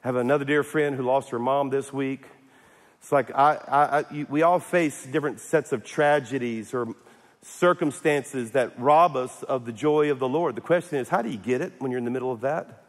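Humorous preacher in an echoey hall. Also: male voice, mid-range voice, normal speed. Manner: humorous, repeats and restarts, calls for amens. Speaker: pastor. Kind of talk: sermon.

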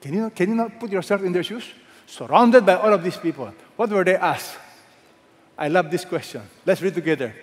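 A man's voice: sits high, brisk. A man preaching a sermon as pastor, emphatic, asking the congregation questions and having them read along. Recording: echoey hall with long reverb.

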